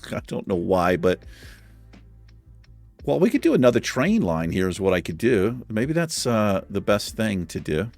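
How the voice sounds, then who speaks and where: Low-voiced man doing game commentary. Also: very animated, a little slow, gravelly, long pauses, a little mellow, no echo, soft background music. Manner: joking, self-deprecating, chuckles often. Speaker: gaming channel host. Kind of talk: let's play commentary.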